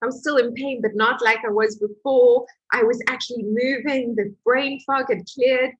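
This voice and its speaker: A woman who is a healing coach, telling her own story in an emotional, animated way with laughs. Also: a little high, moderate pace, highs cut off, slight background noise. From Portugal. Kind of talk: personal testimony to camera.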